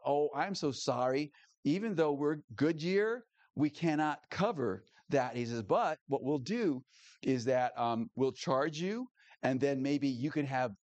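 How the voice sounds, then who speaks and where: Male preacher, mid pitch, dry close sound, lively storytelling sermon. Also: dry recording, muffled recording. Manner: animated storyteller, acts out dialogue, laughs often. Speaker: pastor.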